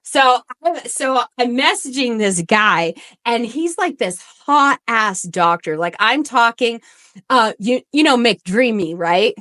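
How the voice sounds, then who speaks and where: A woman guest on a podcast, a relationship coach, telling stories in a blunt, profane and animated way. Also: on the high side, slow, no room sound, clean studio sound. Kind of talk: casual podcast storytelling.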